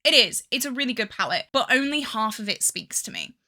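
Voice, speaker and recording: A young woman from England with a Midlands accent and a hint of Scouse talks through makeup in a loose, chatty way, second-guessing herself often. Her voice sits fairly high and sounds bright and sharp. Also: expressive, fairly quick. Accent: English Midlands with a hint of Scouse. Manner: chatty and indecisive, with many fillers and dramatic sighs over choices. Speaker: beauty vlogger. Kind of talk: casual product review chat.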